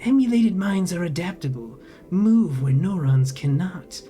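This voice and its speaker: A player reading a narrative game aloud, voicing a cryptic vending machine in slow, halting, broken phrases. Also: mid-range voice, lively intonation, mellow, soft background music, close to an everyday voice. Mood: urgent. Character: eerie multitonal vending machine, cryptic and urgent.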